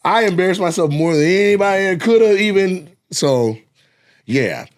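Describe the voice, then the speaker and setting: A man's voice: sits high, expressive, normal speed. A man, a comedian and podcast co-host, telling a profane, laugh-filled story and acting out voices and sound effects.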